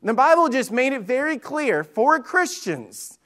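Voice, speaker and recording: Male pastor, high-pitched, casual storytelling sermon with emphatic peaks. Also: sing-song, a little slow, fairly bright tone. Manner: chatty storytelling with jokes, rising to emphatic preaching. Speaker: lead pastor. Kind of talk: conversational Bible-study sermon.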